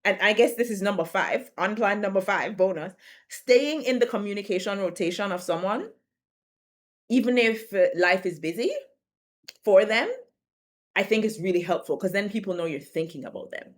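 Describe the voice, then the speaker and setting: A woman in her thirties talking casually to camera, chatty and quick to laugh, often repeating words as she rethinks a sentence, with slangy turns of phrase. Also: mid-range voice. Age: 30s. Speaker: video creator. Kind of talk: casual direct-to-camera talk.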